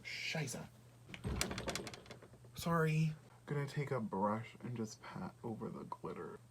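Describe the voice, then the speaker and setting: A man with a drawl talks through his makeup routine in a chatty, easygoing way. He often drops into a soft half-whisper as he blends. His voice sits at a middling pitch, with a faint hiss of background noise. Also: animated, moderate pace, gravelly. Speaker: beauty vlogger. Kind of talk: casual makeup tutorial chat.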